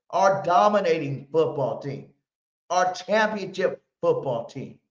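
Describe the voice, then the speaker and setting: A man's voice: fairly high pitch, a bit bright. Fan-stream host, male, brash trash talk, roomy muffled audio. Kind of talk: live pregame fan stream.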